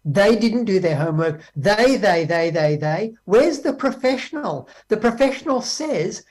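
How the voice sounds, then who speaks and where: An Australian man giving a conference keynote on education, talking lively and acting out exchanges with teachers. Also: high-pitched, normal speed, few pauses. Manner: lively, acts out dialogues with teachers. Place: speaking remotely from Australia.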